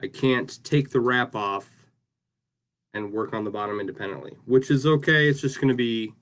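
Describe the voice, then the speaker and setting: At a moderate pace and medium pitch, a man casually narrates his craft work on a livestream. He rambles along, frequently ending what he says with "right?"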